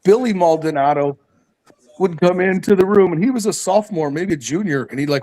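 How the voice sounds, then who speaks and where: A man's voice: a little high, brisk, a little mellow. An older man, a wrestling coach guest, telling old stories in casual conversation. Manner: reminiscing storyteller. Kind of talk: casual chat.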